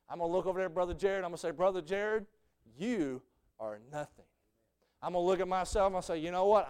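Preacher man, smooth and clear, spins sermon stories, quiet then loud. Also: on the high side, quick pace. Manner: storytelling, swings from hushed to shouting.

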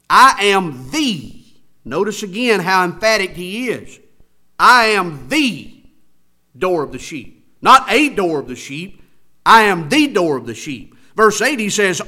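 A male preacher delivering a sermon in an emphatic, rising and falling cadence. His voice sits high and swings widely in pitch, with a bright, forceful edge.

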